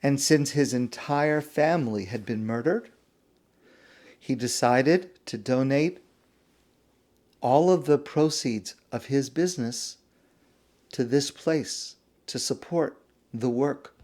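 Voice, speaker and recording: A man, a rabbi, telling a story in a sermon, slow and hushed with dramatic pauses. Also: medium pitch.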